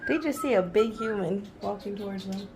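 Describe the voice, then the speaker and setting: A woman's voice: mid-range voice, a little fast, a crowd in the background. A woman playfully narrating while filming her toddler outdoors, laughing and amused.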